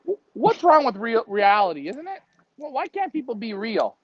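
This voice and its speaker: A man's voice: extremely high pitch, very animated, moderate pace, no room sound. A man co-hosting a casual live stream, rambling and joking and laughing often. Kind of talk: casual chat. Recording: dry, dull lo-fi stream audio.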